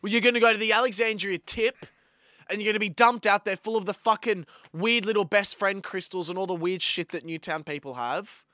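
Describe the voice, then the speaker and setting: A man's voice: sits high, a little fast, no echo, studio quality. An Australian man co-hosting a podcast, ranting with lots of swearing in casual chat. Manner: animated, profane ranting. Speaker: podcast co-host.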